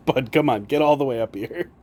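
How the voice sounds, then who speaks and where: A man's voice: medium pitch, moderate pace, a little mellow, a little hiss or hum. A man streamer chatting casually, teasing his pets and laughing often. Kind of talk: casual chat.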